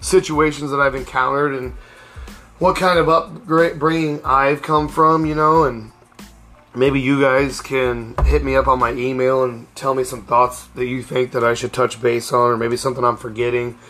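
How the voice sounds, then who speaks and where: A man's voice: medium pitch, little pitch movement, normal speed, sharp tone, faint music behind. A middle-aged man hosting a casual storytelling podcast, speaking candidly and rambling with frequent restarts. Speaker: podcast host.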